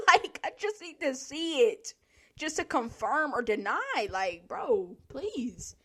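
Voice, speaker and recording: Animated, laughing young woman ranting. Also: high voice, slow pace. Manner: animated, profane, laughs often. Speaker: vlogger. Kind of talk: casual storytelling rant. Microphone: solo recording.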